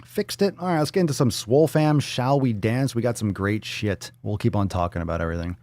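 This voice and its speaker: Man, fitness stream host, low voice, dry close sound, blunt, profane, ranting. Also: fast talker, a little mellow, dry recording. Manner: reads viewer comments aloud. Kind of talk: casual live-stream talk.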